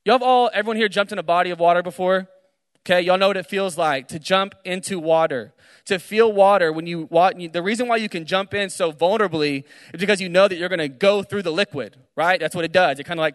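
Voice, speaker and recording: Animated young male preacher on stage. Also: sits high, a little fast, no room sound, big-room sound. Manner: casual, animated storytelling with lively character asides. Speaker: speaker at a student gathering. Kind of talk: energetic sermon. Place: large hall on a stage.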